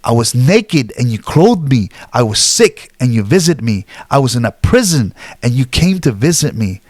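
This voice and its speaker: Male preacher, emphatic scripture reading, animated pitch, dry recording. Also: moderate pace, no room sound.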